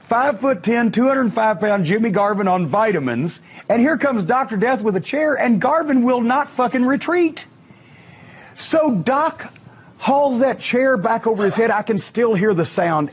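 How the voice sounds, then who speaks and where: A middle-aged man spins a profane, animated wrestling yarn, his voice pitched high. He has a husky, breathy edge. He acts out every quote as he goes. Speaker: wrestling manager telling stories. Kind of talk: casual storytelling on a podcast.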